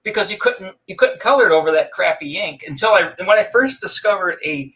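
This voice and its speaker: A middle-aged man chatting casually as a podcast co-host, an animated storyteller who jumps into high voices when he quotes people. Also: fairly quick. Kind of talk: casual chat.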